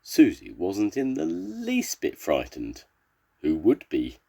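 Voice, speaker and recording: An older man, a grandfather, reading a children's story aloud in a slow, expressive storybook way. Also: low voice, vocal fry, slightly rough.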